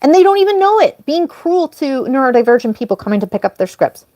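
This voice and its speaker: A woman hosting a casual live stream, talking in a rambling, apologetic way and jumping up in pitch when she stresses a point. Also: fast, no echo. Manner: animated, jumps up in pitch on emphasis. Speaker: livestream host.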